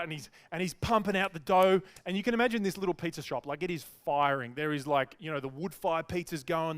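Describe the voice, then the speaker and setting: A man's voice: a little high, fairly bright tone, smooth. A man, a business coach telling a chatty, self-deprecating story full of fillers. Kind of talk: storytelling talk.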